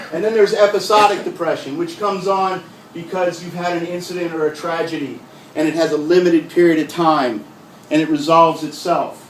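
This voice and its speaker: Older male stand-up comic, deadpan storyteller, recorded from a distance in an echoey room. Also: on the high side, normal speed. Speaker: stand-up comedian. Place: comedy stage with a live audience. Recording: echoey room from far off, faint noise.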